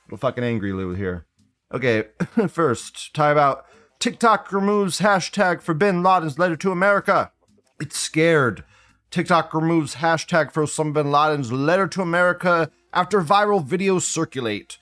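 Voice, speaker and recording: A man's voice: a little high, brisk, a bit bright, soft background music. Profane ranting male commentary host. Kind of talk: casual news commentary.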